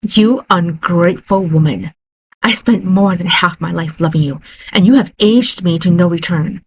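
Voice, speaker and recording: Bitter, wounded husband, read by a woman, accusing and pleading, low husky voice. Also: normal speed. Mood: furious.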